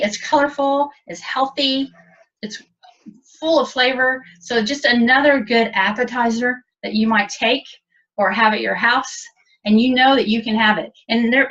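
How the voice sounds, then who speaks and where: Her voice a little high and fairly bright, a cooking instructor walks through a demo step by step at a moderate pace, chatty throughout. It's recorded distantly, with dull, lo-fi audio.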